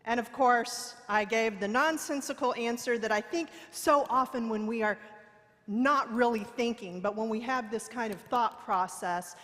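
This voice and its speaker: A woman's voice: on the high side, moderate pace, fairly bright tone. A woman preacher giving a sermon in a church, telling a candid personal story with playful self-mockery. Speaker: guest preacher. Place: church sanctuary. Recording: long reverb of a large hall.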